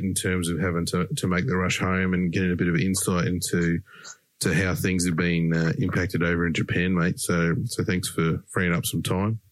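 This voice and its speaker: Australian male podcast host, very low and monotone, dry close sound, relaxed mate-heavy chat. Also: no room sound. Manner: laid-back, says mate constantly. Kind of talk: casual interview chat.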